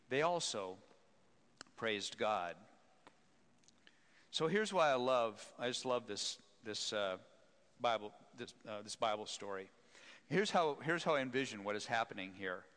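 A man preaching a sermon who retells a Bible story and acts out its people with lively energy. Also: medium pitch, long reverb tail. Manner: animated, acts out voices.

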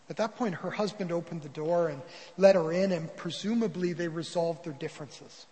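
A man's voice: a little high, normal speed, dark tone, long reverb tail, rough recording. A man preaching a sermon as a pastor, telling a story and acting out the quoted voices.

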